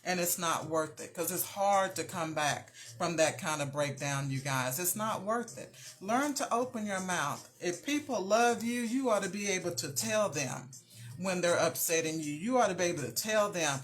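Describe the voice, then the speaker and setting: A woman's voice: fairly low pitch, lively intonation, moderate pace. A middle-aged woman hosting a motivational talk, speaking earnestly and directly to her viewers, repeating her key points and often calling them "you guys.". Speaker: host.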